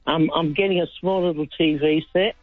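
A man, a caller chatting slowly and easily with a radio host. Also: fairly high pitch, steady tone, no room sound. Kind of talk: casual phone chat. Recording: dull line with faint music.

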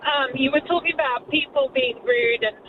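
A woman's voice: high voice, moderate pace, recorded from a distance. A woman calling a radio show, a nanny from Australia, talking in an indignant, chatty way with lots of "like". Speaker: caller, nanny. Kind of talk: phone-in chat. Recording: tinny phone line with noise.

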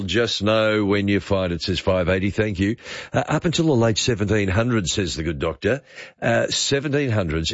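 A man's voice: lowish voice, no room sound. An Australian man hosting overnight talk radio, chatty and wry as he reads out listener messages. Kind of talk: late-night talk radio chat. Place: radio studio. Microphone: studio microphone. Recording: slightly dull broadcast audio.

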